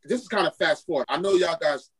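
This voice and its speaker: A husky male pastor with a slightly high voice talks fast over low-quality audio. Originally from Queens, New York, he's a podcast guest giving a storytelling testimony in an interview, animatedly acting out what people said.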